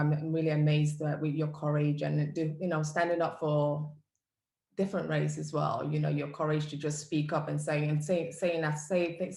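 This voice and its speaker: A woman from the UK with a notably low voice hosts the interview, her questions long, earnest and admiring, looping back on themselves. The sound carries a roomy echo around her. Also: darkish tone. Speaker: interview host.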